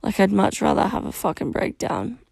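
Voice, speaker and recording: A woman's voice: medium pitch, big pitch swings, normal speed, creaky, darkish tone, husky, no echo. A young woman hosting a solo podcast, talking candidly and rawly about her feelings, venting and swearing often. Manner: raw, venting, frequent swearing. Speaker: podcast host.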